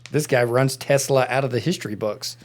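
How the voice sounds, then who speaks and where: A man co-hosting a podcast, casually telling a rambling story with lots of fillers in a studio. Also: medium pitch. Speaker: podcast co-host. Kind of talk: casual chat.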